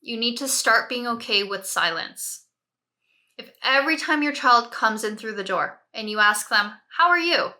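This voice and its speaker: Bright-voiced woman parent coach. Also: fairly high pitch, animated, normal speed. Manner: coaching, direct, often adds "right?" checks. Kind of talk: advice talk to camera.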